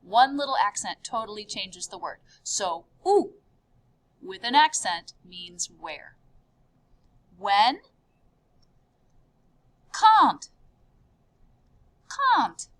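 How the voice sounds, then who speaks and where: A woman teaching a recorded French lesson, upbeat and drilling each word with sharp rising repeats. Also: fairly high pitch, sing-song, extremely slow, long pauses.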